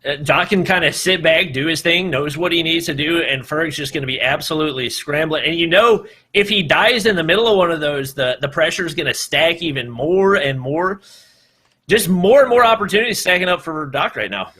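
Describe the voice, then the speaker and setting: A man's voice: on the high side, lively intonation, brisk, pushed and bright. A man casting a live mobile shooter match, chatty and analytical, breaking down the play as it happens. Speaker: esports commentator. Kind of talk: live game commentary.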